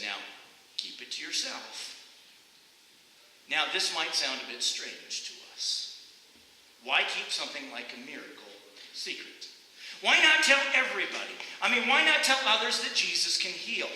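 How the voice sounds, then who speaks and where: Lively male pastor, bright ringing voice, echoey sanctuary with a faint hiss. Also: a little high, moderate pace. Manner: animated, conversational preaching with rhetorical questions. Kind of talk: sermon. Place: church sanctuary.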